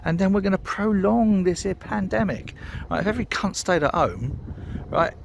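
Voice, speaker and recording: A man's voice: sits high, animated, normal speed, gravelly, slight background noise. A British man vlogging outdoors by a canal, rambling and sweary, a bit tipsy after a beer, ranting heatedly. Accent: British English. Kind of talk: casual outdoor vlog rant.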